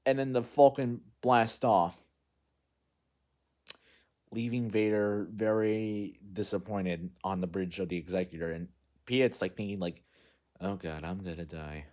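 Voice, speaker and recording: Rambling man with a lowish voice. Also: steady tone, a little slow, long pauses, a little mellow. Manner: rambling, heavy fillers and restarts. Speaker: movie vlogger. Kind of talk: casual unscripted movie recap.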